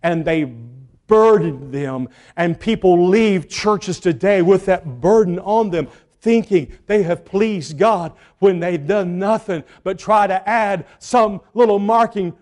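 A man preaching a sermon, telling a story with emphatic, repeated lines. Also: high voice. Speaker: pastor.

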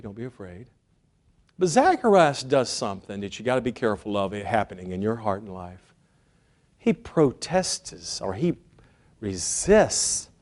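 A man preaching a sermon with animated emphasis, dropping to hushed asides and acting out the people he quotes. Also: fairly high pitch. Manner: acts out quoted speakers in lively voices.

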